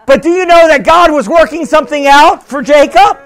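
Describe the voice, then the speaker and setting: A man preaching a sermon as pastor, with sudden shouts and many repeated words. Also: very high-pitched, brisk.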